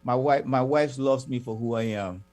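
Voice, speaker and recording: A man's voice: medium pitch, normal speed, a little mellow. A man hosting a talk radio show, reading plugs and bantering playfully with his co-host. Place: radio studio.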